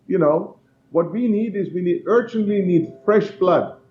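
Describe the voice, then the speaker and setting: A man's voice: high-pitched, measured pace, slight background noise. A man giving blunt, emphatic answers as a guest in a political interview. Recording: dull, echoey remote line.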